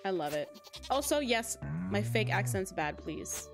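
Over background game music, a young woman talks casually to her live-stream audience while she plays, her speech giggly, meandering and full of fillers. She has a medium-pitched voice with a sing-song lilt and takes her time.

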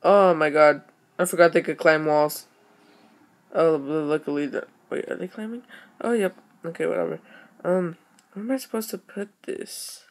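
A young woman giving casual game commentary, excitable, exclaiming and muttering to herself as she plays. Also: low voice, normal speed. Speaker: gaming video creator.

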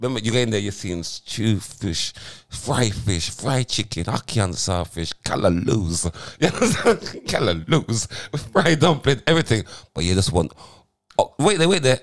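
A man, co-hosting a podcast in lively, argumentative banter. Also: on the low side, moderate pace, gravelly. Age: 40s. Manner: animated, laughing, cuts in to argue his point. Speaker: podcast co-host. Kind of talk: casual banter.

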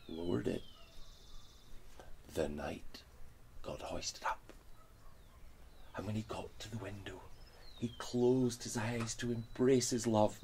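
A man telling a fairy tale dramatically, dropping into hushed whispers and rising to loud exclaims. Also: on the low side, slow pace, breathy edge. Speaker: storyteller.

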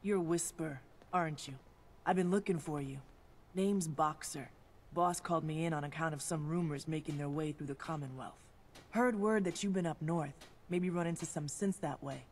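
A brisk underground agent. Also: female voice, deep voice, a little mellow, a little hiss or hum. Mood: earnest. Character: brisk female underground agent, eager and direct.

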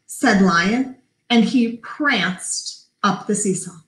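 A librarian reading a picture book aloud to children with lively character voices, stopping to chat with her listeners. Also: mid-range voice. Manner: animated, does character voices, pauses to talk to kids. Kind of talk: storybook read-aloud. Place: library room. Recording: echoey room.

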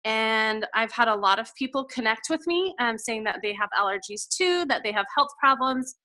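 A woman's voice: fairly high pitch, lively intonation, normal speed, bright, forceful tone. A woman in her thirties telling her personal story in a chatty, emotional way, with lots of fillers. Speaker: guest coach sharing her story. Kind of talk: casual heartfelt testimonial.

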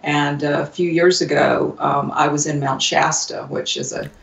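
A woman speaks slowly and earnestly, pausing and restarting often as she tells her story. Her voice has a gravelly, fry-tinged edge. She sounds distant in an echoey room, and the recording is dull and lo-fi. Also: sits low, steady tone. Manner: earnest, halting, many fillers and restarts. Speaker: radio show guest. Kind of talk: personal storytelling in an interview.

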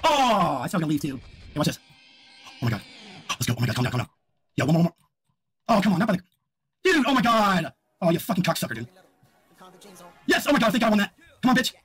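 Hyped-up husky streamer guy. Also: high-pitched, fast, long pauses. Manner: excitable, swears constantly, bursts into shouts. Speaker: gambling streamer. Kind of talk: live-stream reaction.

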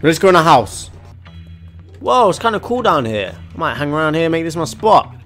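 Excitable young gaming commentator. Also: male voice, a little high, moderate pace, faint music behind. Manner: excitable, yelps and laughs, slangy. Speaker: gaming YouTuber.

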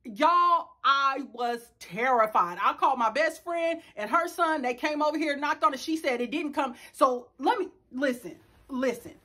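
A woman in her thirties chatting casually to her viewers as a vlogger, sassy and expressive, with slang asides. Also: sits high, normal speed. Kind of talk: casual chat to camera.

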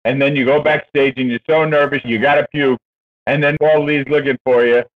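A man's voice: medium pitch, steady tone, a little fast. Enthusiastic male host over a tinny line. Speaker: podcast host. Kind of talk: casual interview chat.

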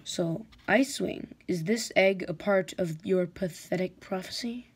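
A woman's voice: on the low side, unhurried, slightly rough. A woman reading aloud and voicing a cruel, mocking female dragon warlord in a storybook reading, with a taunting, sneering manner.

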